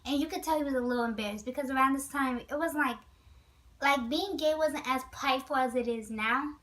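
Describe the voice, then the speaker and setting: A woman vlogger telling a storytime to her viewers, chatty and animated, with many asides. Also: sits high, fairly quick, recorded from a distance, poor audio. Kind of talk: storytime vlog.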